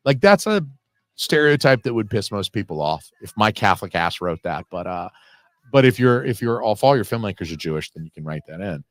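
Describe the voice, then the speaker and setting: Male film commentator, low pitch, close and dry, casual, cussing, digressive. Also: sing-song, fairly quick, a bit bright, dry recording. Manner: casual, profane, digressive with frequent fillers.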